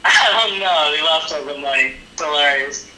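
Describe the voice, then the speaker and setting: A man's voice: on the high side, moderate pace, a crowd in the background. A man in a casual chat who chimes in with blunt comments and jokes. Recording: roomy echo, faint noise.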